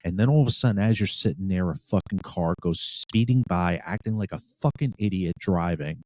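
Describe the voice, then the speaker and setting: A man's voice: low-pitched, a little fast, a little mellow, no echo. A man who was a police sergeant, co-hosting a podcast and telling blunt, profane stories about police work. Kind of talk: casual podcast chat.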